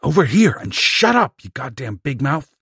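A man voicing an angry male plumber who snarls and shouts, his voice pushed far above his usual low register. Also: sing-song, moderate pace, gravelly, breathy edge, dry recording, studio quality, full character voice. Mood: yelling. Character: angry male plumber in a ruined city, hot-tempered.

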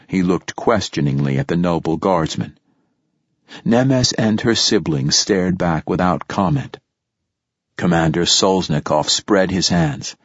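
Brief: male audiobook narrator, measured, dry close sound, slightly muffled recording. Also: deep voice, slightly rough, no echo. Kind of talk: scripted narration.

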